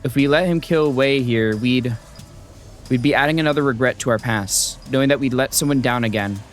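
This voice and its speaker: Dude streamer reading a game story out loud, mid-pitched, gets hyped and cusses a lot, faint game music behind. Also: male voice, brisk. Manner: excitable, swears freely, hype outbursts. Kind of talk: reading a game story aloud with live reactions. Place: home streaming setup.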